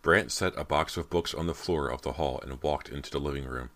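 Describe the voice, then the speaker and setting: A man narrating an audiobook in a measured, ominous way. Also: very deep voice, a bit bright. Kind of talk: scripted narration.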